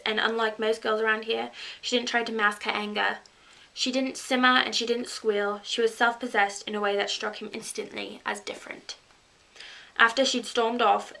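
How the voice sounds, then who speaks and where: Woman vlogger, put-on British accent, chatty self-mocking read-aloud; bright, slightly high voice. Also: gravelly, rough recording. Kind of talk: reading a novel aloud on camera.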